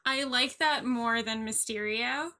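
Bright, chatty young woman. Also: fairly high pitch. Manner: enthusiastic, chatty, quick laughs. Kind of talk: casual movie chat.

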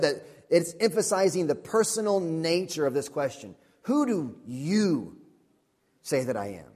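Pastor guy preaching, kinda high voice, earnest, hammers the same question over and over. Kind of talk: sermon.

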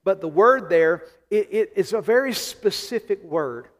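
A man from the American South preaching a sermon as pastor, emphatic, slowing and repeating key phrases. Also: sits high, animated. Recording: long hall reverb.

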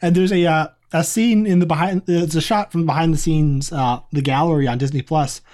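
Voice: medium pitch, fairly even intonation, brisk, darkish tone. A podcast co-host in a casual review chat, talking in a chatty, rambling way with many asides.

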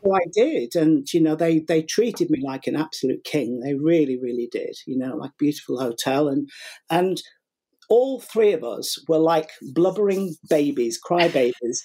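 A middle-aged man who works as a sugar flower artist, telling stories as an interview guest. He talks in a lively way, acting out what people said, and restarts his sentences often. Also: a little high, moderate pace, husky. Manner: animated, acts out quotes, many restarts. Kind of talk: casual interview storytelling.

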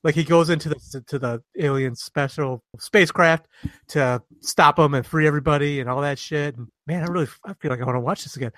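A man's voice: on the high side, fairly quick, fairly bright tone, no room sound. A man co-hosting a casual podcast chat, rambling and laughing, swearing casually. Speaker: podcast co-host.

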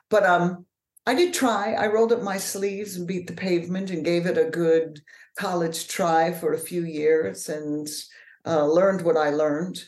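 A middle-aged woman from New Orleans with a Mid-Atlantic accent and proper, measured diction, answering interview questions with pauses and fillers. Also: lowish voice, fairly even intonation, a little mellow, reverberant. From New Orleans, USA. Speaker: actor and author, podcast guest.

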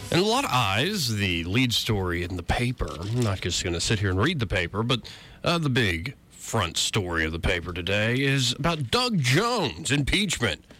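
A talk radio host from Alabama delivers a sarcastic political commentary monologue, calling himself a cynic. His lowish voice is very animated, bright, and forceful at a normal speed, with faint music behind him.

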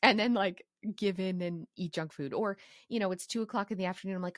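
A woman from Canada who runs a course for professional organizers, talking through her life rules in a passionate, animated way with quick asides. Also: mid-range voice, no room sound, clean studio sound. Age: adult with a young son. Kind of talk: casual advice monologue.

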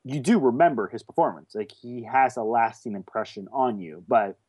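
A man co-hosting a podcast, arguing his view on a film in a casual, animated way. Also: medium pitch, moderate pace, breathy edge. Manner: animated, opinionated. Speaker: podcast co-host.

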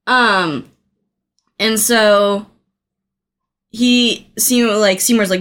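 A woman casually recapping a film plot in conversation, with a relaxed, chatty manner and the odd swear word. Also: medium pitch, takes it slowly, long pauses. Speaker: podcast co-host recapping a film. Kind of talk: casual chat.

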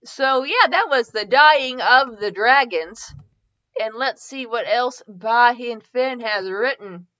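A woman reading fanfiction aloud and chatting about it afterward, rambling and giggly. Her voice is bright and fairly high. The home recording sounds a little muffled. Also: lively intonation, takes it slowly. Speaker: fanfiction reader and reviewer. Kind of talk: reading aloud and casual review.

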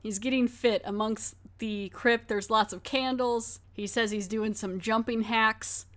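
A woman's voice: a little high, fairly even intonation, measured pace. Podcast host, woman, chatty recap voice, loose and filler-heavy. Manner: chatty, laughing, many fillers. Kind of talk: casual episode recap.

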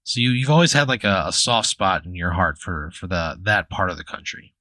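Bright, forceful man spinning a rambling comic tale. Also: low voice, animated, brisk, dry recording. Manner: rambling, profane, full of fillers and restarts. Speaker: comedy podcast host. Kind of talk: improvised comedic storytelling.

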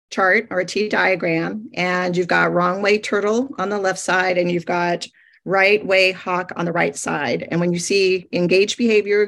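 Gravelly-voiced woman teacher recapping. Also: lowish voice, fairly bright tone. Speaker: podcast co-host and teacher. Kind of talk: casual explanation on a teaching podcast. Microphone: video call.

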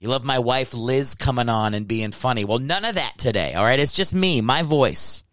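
A man in his thirties from Ohio hosts a solo podcast, rambling and cracking profane jokes. His voice is smooth and clean, close on the mic in a dry, dead room. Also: medium pitch, animated, moderate pace, fairly bright tone, dry recording. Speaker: podcast host and stand-up comedian. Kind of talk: casual solo podcast monologue. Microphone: close microphone.

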